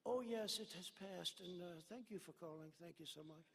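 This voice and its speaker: A man's voice: high-pitched, normal speed, vocal fry, a bit bright, breathy edge, exaggerated voice. A man doing a mock French president with a put-on accent. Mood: fawning. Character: fawning French male president, then panicking. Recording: long arena reverb.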